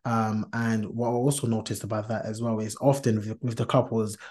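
A man's voice: fairly low pitch, flat delivery, fairly quick, a little mellow. A man hosting a casual podcast chat, earnest and talkative, with many fillers and restarts, laughing easily. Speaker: podcast host.

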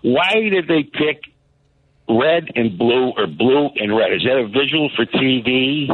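A man's voice: medium pitch, animated, unhurried, no echo. A man with a Chicago accent calling in to a radio show, playful and quizzical, repeating his questions. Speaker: caller. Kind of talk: phone call-in chat. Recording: dull lo-fi phone line with faint noise.

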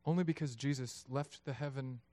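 Animated man preaching a sermon. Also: mid-range voice, brisk, dry recording. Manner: animated, acts out voices of God and people. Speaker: pastor.

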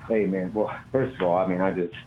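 A man phoning in to a talk show, his voice sitting low as he tells stories in a blunt, profane way. The line sounds dull and lo-fi, with a faint hiss of noise under it. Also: fairly even intonation, a little fast. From Baltimore, USA. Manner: profane, heated storytelling. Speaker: caller. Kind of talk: casual call-in chat.

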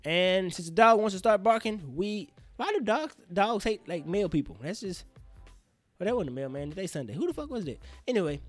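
A man hosting a casual solo podcast, rambling in slang with profane, animated outbursts. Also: high voice, fairly quick, no echo, soft background music. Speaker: podcast host.

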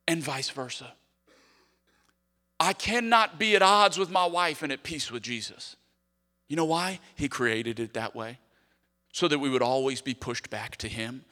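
A male pastor preaching a sermon with animated delivery, moving between loud emphasis and hushed asides. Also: a little high, in a large hall.

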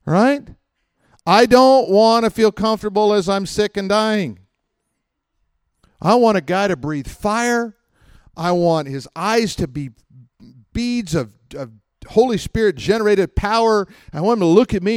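A man's voice: expressive, a little slow, clear, resonant tone, dry recording. A man delivers a sermon in a slightly raised voice. He slips in mocking acted prayers and builds to emphatic, fervent peaks. The sound is dry and close, with no room around it. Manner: conversational preaching with acted asides; rising to emphatic, higher-pitched fervor. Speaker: pastor.

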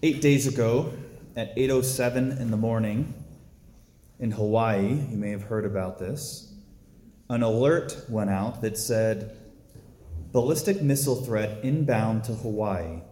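A man's voice: lowish voice, a little slow, dark tone, echoey room, slight background noise. A man giving a casual, conversational sermon, telling a story with lots of filler words. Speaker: preacher.

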